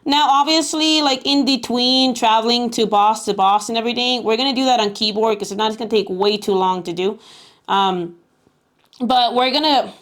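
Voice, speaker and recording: A woman's voice: a little high, normal speed, fairly bright tone. Chatty young woman streamer, rambling. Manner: rambling, chatty, exasperated, many fillers. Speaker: livestreamer. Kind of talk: casual live stream chat.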